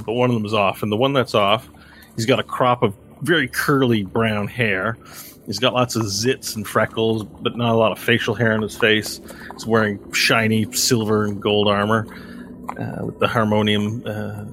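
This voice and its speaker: Male game master, low voice, casual rambling narrator. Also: a bit bright, slight background noise.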